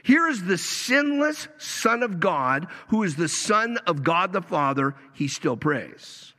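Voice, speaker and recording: A man preaching a sermon as pastor, with emphatic swings in pitch and pace. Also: very animated, takes it slowly, pushed and bright. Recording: preached in a hall with long reverb.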